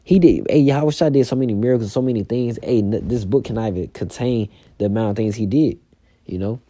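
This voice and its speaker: A man's voice: medium pitch, fast talker, warm tone, dry recording. A man preaching casually and reading scripture aloud, with loose talk full of "you know" and "man".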